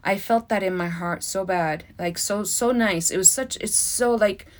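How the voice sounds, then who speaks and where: A middle-aged woman hosting a podcast, talking casually, emotional and emphatic, swearing freely and swinging between loud bursts and soft asides. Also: medium pitch, normal speed. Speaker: podcast host.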